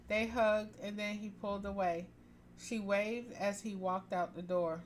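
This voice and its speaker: A woman reading a story aloud on a live stream, expressive and chatty, pausing to joke with her listeners. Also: mid-range voice, slight background noise.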